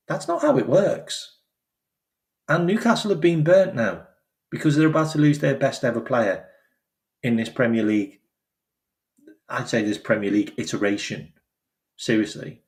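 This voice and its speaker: A man hosting his own channel, talking in a casual, emphatic way and repeating phrases for effect. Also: on the low side. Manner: animated, emphatic, repeats phrases, acts out quoted voices. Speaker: football channel host. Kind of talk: casual opinion commentary.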